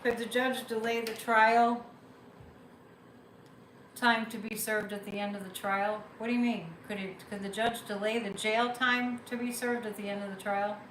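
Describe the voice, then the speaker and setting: A woman's voice: fairly high pitch, flat delivery, normal speed, fairly bright tone, echoey room, a little hiss or hum, low-quality recording. A woman hosting a psychic livestream, chatting casually, reading viewer comments and repeating phrases for emphasis.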